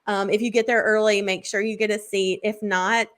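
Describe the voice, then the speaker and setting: A woman, telling a story in casual podcast chat, full of "like" and quick laughs. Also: medium pitch, flat delivery, a bit bright. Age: 20s. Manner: chatty storyteller, lots of "like" and laughs. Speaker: podcast co-host.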